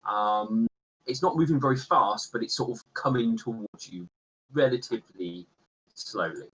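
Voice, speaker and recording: A man's voice: lowish voice, moderate pace, a bit bright, slightly rough, poor audio. A man narrating a tabletop game as game master, hesitant and full of ums and uhs.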